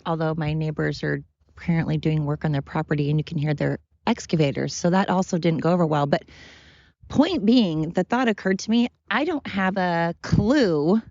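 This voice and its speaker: A woman's voice: on the low side, animated, fairly quick, darkish tone, no room sound, highs cut off. A woman hosting her own podcast in a loose, self-deprecating ramble, out of breath as she walks uphill outdoors. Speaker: podcast host. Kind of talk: casual rambling monologue. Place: outdoors, walking up a hill.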